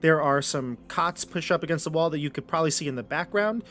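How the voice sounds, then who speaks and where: A man's voice: a little high, fast, fairly bright tone. A man narrating a tabletop role-playing game as game master, in rambling, chatty descriptions full of fillers.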